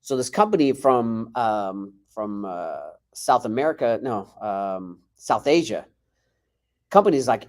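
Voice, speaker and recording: An unhurried, lowish-voiced martial arts instructor tells stories as a podcast guest. He keeps it casual yet animated, dramatizing the dialogue he quotes.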